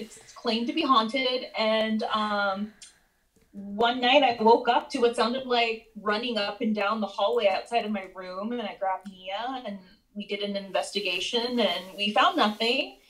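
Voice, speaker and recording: A woman paranormal investigator, a guest on a video call, calmly recounting an investigation at a haunted inn. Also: a little high, a little slow, low-quality recording. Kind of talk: casual storytelling.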